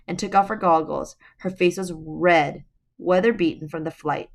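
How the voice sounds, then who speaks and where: A woman's voice: on the low side, steady tone, moderate pace, gravelly. A woman at home reading a novel aloud to her viewers, breaking off now and then for chatty asides to them. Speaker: storybook reader.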